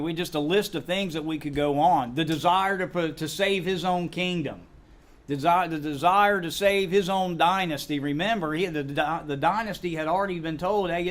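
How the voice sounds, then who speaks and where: A middle-aged man teaching a Sunday School Bible lesson. He talks animatedly, acts out biblical dialogue and quizzes the class. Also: on the high side.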